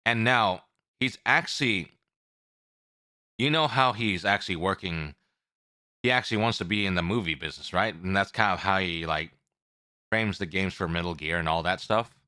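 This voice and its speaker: A man's voice: sits low, normal speed, long pauses, dry recording, clean studio sound. A man streaming and chatting casually, rambling and talking with his mouth full. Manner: rambling, animated, eating while talking.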